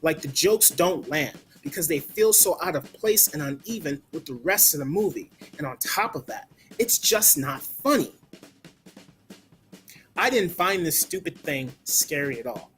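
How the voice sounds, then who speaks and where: A man reviews a movie in a blunt, loose rant, filling his sentences with "like" and the odd curse. His voice sits a bit high for a man. Soft music plays faintly behind him. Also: expressive, measured pace. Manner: blunt, ranting, peppered with "like" and swearing. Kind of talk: casual spoken review.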